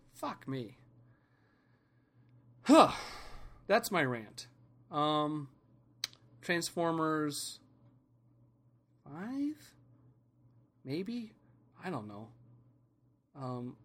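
A man hosting a podcast, telling a rambling, profane, animated story in a casual comedic rant. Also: on the high side. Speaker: podcast host.

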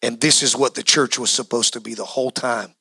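Man, pastor, sermon, impassioned, tense bright tone. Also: mid-range voice, fairly even intonation, fairly quick, gravelly, husky, dry recording, low-quality recording. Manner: impassioned preaching, swinging between quiet and shouting.

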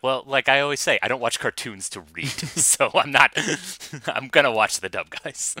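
A man co-hosting a casual podcast, joking and animated, filling his speech with "like". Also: medium pitch, normal speed, no room sound. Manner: jokey, animated, lots of "like". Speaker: podcast co-host. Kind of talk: casual film discussion.

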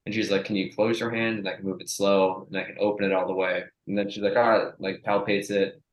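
A young adult man, a strength coach, telling a profane, animated story in casual chat and acting out the people he quotes. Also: deep voice, fast talker, roomy sound, poor audio.

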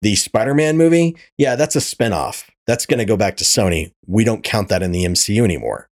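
A man's voice: fairly low pitch, animated, a little fast. A man hosting a podcast, ranting in casual chat, swearing freely and stumbling over repeated words. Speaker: podcast host.

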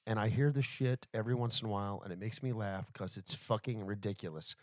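A man's voice: on the low side, fast, no room sound, clean studio sound. A man from Florida in a casual podcast chat, laid-back and swearing freely. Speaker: podcast co-host.

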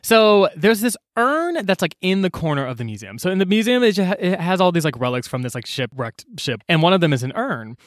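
A man's voice: high-pitched, big pitch swings, a little fast, hardly any pauses, no echo, clean studio sound. A man casually recapping a story on a podcast, slangy and full of fillers, swearing offhandedly.

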